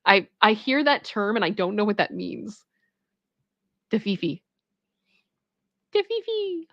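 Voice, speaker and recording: A woman hosting casual story commentary, chatty and animated, often laughing as she reacts. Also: medium pitch, measured pace, creaky, no room sound, lo-fi sound. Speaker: commentary host.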